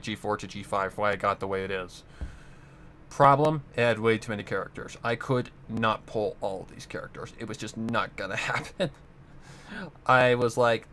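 A man's voice: medium pitch, a bit bright, a little hiss or hum. A man chatting casually on camera in his room at home, rambling and correcting himself with frequent chuckles. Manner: meandering, self-correcting, chuckling often. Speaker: fan audiobook reader and voice actor. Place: home room with guitars and a keyboard.

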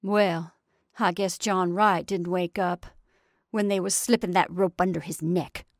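A woman's voice: lowish voice, fairly even intonation, a little slow, no echo, studio quality. A woman playing a blunt, stout farm wife. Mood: grim, firm. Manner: firm, forceful, louder than narration. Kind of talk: reading a short story aloud.

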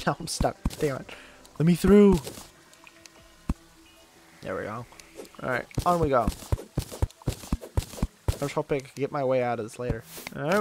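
A gaming channel host with a voice on the high side gives loose, rambling let's-play commentary. He makes fun of himself, laughs frequently, and lets out dramatic groans when his character gets hurt.

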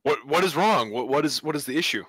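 A man's voice: fairly high pitch, lively intonation, fast, fairly bright tone, husky, no room sound. A man playing a tabletop game in casual chat, stammering, laughing often and joking. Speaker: player.

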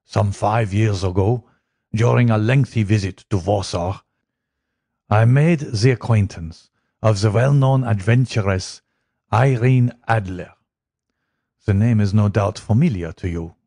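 A man voicing a proud, anxious king who speaks in a slow, measured, formal way. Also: lowish voice, warm tone, no room sound, studio quality.

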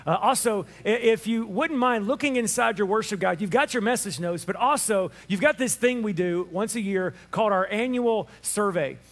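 Male pastor with a high-pitched voice, animated sermon storytelling that acts out the dialogue. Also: moderate pace, hardly any pauses. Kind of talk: Easter sermon.

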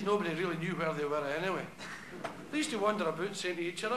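Man with a Glasgow accent, rambling stand-up storyteller, booming room, noisy audience. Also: rapid-fire. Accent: Scottish (Glasgow). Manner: rambling, digressive, laughing at own jokes. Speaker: stand-up comedian. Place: concert stage before a large audience. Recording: echoey live hall with loud audience.

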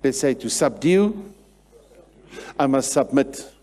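A man preaching a sermon in church, swinging between hushed passages and loud, repetitive declarations. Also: medium pitch, expressive, slow. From South Africa. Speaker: pastor.

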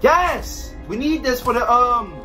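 A man's voice: extremely high pitch, lively intonation, slow, pushed and bright, soft background music. A man commenting while he plays a horror game, jumpy and swearing as he talks to himself. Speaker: gamer playing a horror game. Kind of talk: let's play commentary.

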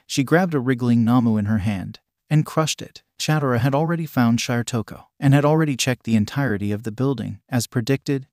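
A man's voice: mid-range voice, a little mellow, dry recording. Man reading fan fiction, dry sound. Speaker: narrator.

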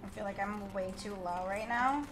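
A young woman streaming a game live and commenting as she plays, excitable and gushing, with frequent squeals and repeated exclamations. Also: medium pitch, normal speed. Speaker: gaming streamer. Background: music playing under the voice.

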